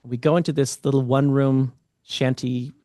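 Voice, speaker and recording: A man telling a personal story as a guest in an interview, earnest and halting, often restarting his sentences. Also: mid-range voice, little pitch movement, dark tone, dry recording, studio quality. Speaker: guest, author and speaker.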